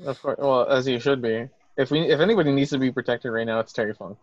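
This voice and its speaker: A man's voice: mid-range voice, fast, dry recording, highs cut off. A man co-hosting a wrestling podcast, rambling through casual chat with lots of fillers and restarts. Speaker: podcast co-host.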